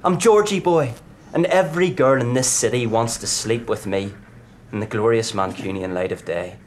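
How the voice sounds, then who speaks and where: A man acting as a tormented young footballer star in a live pub play, bitter and self-mocking, drinking to hide from his fame. His voice sits at an everyday middle pitch runs through his brooding lines. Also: moderate pace, a little hiss or hum, natural voice. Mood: boastful bitter. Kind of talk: live stage play performance. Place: pub performance.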